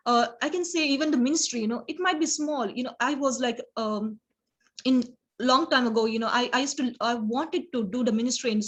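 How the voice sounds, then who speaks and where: A woman preaching an informal sermon in a halting, earnest way, with frequent restarts and "you know". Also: high voice.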